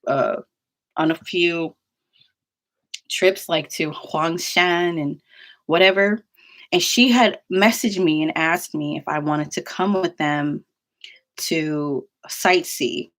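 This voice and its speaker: Chatty young woman, lowish voice. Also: fairly bright tone. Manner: chatty, frequent "like" fillers, quick asides. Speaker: vlogger. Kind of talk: casual storytelling.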